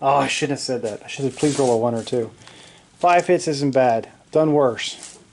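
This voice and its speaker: Excitable man calling tabletop dice rolls. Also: medium pitch, normal speed, a little hiss or hum. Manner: excitable, swears and jokes at his own dice rolls. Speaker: wargaming hobbyist narrating a battle report. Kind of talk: casual play-by-play of a tabletop wargame. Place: home basement.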